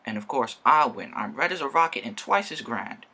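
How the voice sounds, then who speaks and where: A man's voice: mid-range voice, lively intonation, moderate pace, pitched above the performer's own voice. A man voicing James, a vain, boastful red male steam engine in a storybook reading. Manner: bragging, loud exclamations.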